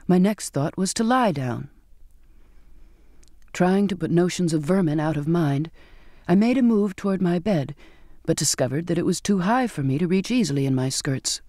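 A man narrating a novel in first person with a measured, expressive reading. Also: high-pitched, no echo, clean studio sound. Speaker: audiobook narrator. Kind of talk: scripted narration.

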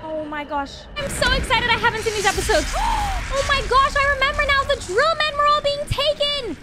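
A woman hosting a reaction video, excitable and gasping often, talking to her viewers. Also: very high-pitched, a little fast, very noisy.

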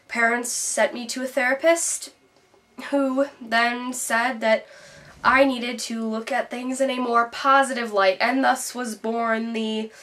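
A woman's voice: a little high, fairly bright tone, recorded from a distance. A woman playing a bitter, depressed teenage girl who vents sarcastically in a scripted video-diary monologue. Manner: sarcastic, exasperated storytelling.

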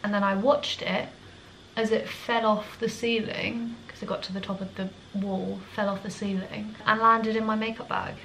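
A young British woman chatting to her camera at home, recorded on a compact camera's built-in mic. She rambles through stories with quick self-mocking asides, at an ordinary mid pitch, with a faint hiss of room noise behind her. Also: flat delivery, fairly bright tone, rough recording. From England. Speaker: vlogger. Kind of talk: casual vlog storytelling. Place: her apartment indoors.

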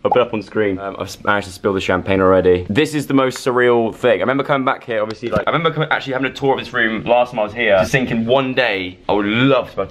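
Excited lad touring a hotel suite. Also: male voice, on the low side, fast, few pauses. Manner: chatty, joking, talks to fish. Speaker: vlogger. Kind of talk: casual excited vlog tour.

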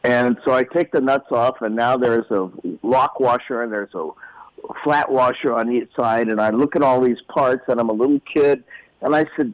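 A man telling childhood stories in a relaxed interview, acting out voices as he goes. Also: medium pitch, moderate pace, no echo, low-quality recording. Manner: animated, acts out quoted voices. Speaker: guest storyteller. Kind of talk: casual storytelling in an interview.

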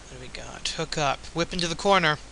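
A man's voice: a little high, fast, vocal fry, pushed and bright, slight background noise, poor audio. A man giving casual, jokey play-by-play commentary in an offhand, chatty way, a bit tipsy.

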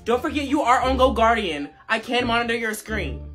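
A man's voice: very high voice, expressive, a little fast, fairly bright tone, faint music behind. A man voicing a strict middle-aged female schoolteacher in a comedy skit, stern and warning. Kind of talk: comedy skit, one performer plays everyone.

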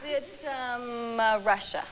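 A woman's voice: on the high side, takes it slowly, very noisy. A woman contestant on a TV word game, offering tentative guesses.

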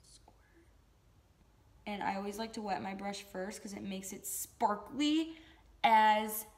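A woman's voice: mid-range voice, a little mellow. A young adult woman chatting casually through a makeup tutorial, with goofy joking asides. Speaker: beauty vlogger.

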